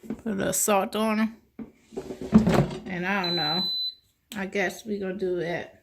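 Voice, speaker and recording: Gravelly-voiced woman cooking vlogger. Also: mid-range voice, fairly even intonation, unhurried, background noise. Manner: chatty, talks to viewers as y'all, eats on mic. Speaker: cooking channel host. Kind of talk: casual cooking vlog.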